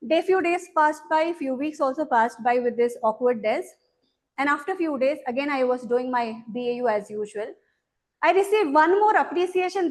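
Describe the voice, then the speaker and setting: A young woman with a high voice tells a prepared story at a speaking club. She speaks animatedly and acts out the people she quotes, heard over a video call. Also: darkish tone.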